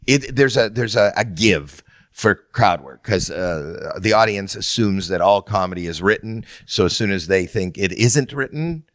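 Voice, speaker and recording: A man co-hosting a podcast, chatting casually and thinking aloud in halting, restarting sentences. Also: lowish voice, lively intonation, a bit bright, dry recording, clean studio sound. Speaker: podcast co-host. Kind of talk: casual chat.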